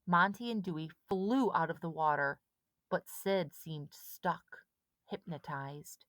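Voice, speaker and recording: Woman narrating a storybook, low voice. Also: slow pace, fairly bright tone, no room sound. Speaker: audiobook reader.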